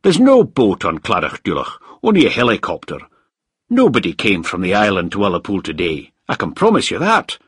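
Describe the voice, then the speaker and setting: A man's voice: lowish voice, wildly swooping pitch, fairly quick, fairly bright tone, breathy edge, no room sound, studio quality, heavily acted. A man voicing a blunt male boatman who speaks positively and emphatically in a storybook. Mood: sure. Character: blunt male local boatman, certain of himself.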